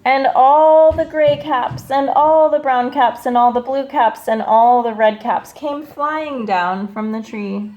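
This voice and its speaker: A woman teacher reading a picture book aloud to children, slow and expressive, stopping to ask them questions. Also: high-pitched, lo-fi sound.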